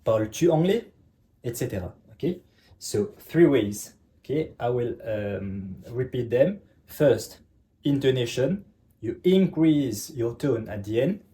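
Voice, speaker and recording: A man's voice: mid-range voice, lively intonation, unhurried, warm tone. A man teaching a French lesson in English, explaining step by step and checking in with "okay?" all the time. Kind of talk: online language lesson.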